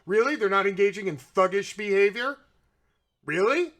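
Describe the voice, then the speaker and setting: A man's voice: high-pitched, animated, normal speed, a bit bright. A man hosting political commentary, ranting in a sarcastic, mocking way and swearing freely.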